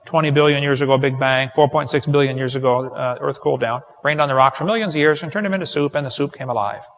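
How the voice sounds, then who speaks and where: A man's voice: mid-range voice, fast, a bit bright. A man giving a folksy, joking lecture to a live audience, full of rhetorical questions. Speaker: creationist seminar speaker. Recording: long hall reverb.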